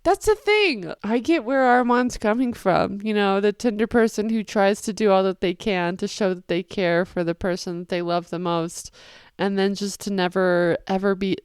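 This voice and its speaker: A young woman hosting a reaction video, talking casually and excitedly, swinging from loud outbursts to quiet asides. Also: mid-range voice, moderate pace, clean tone, dry recording, studio quality.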